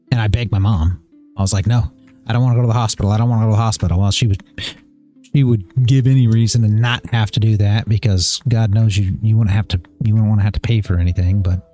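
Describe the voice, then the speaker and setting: Low, mellow-voiced man rambling on stream. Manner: rambling, many restarts. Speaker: livestream host. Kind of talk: casual live-stream chat.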